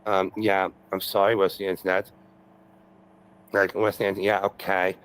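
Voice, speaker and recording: A man's voice: sits low, little pitch movement, moderate pace, fairly bright tone, poor audio. A man ranting on a livestream, profane and repetitive, with many fillers and constant "okay"s. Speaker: streamer in a replayed stream clip. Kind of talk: rambling livestream rant.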